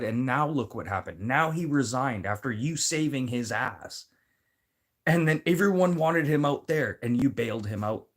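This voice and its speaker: A man from Manitoba, ranting casually and bluntly, full of swearing and rambling asides. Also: medium pitch. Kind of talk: casual rant.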